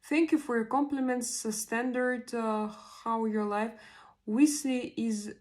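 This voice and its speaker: A woman's voice: a little high, fairly even intonation, darkish tone. A woman, hosting a casual live stream and reading out viewer comments while she hunts for English words. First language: Russian. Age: 40s. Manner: halting, searching for words with many pauses. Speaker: livestream host.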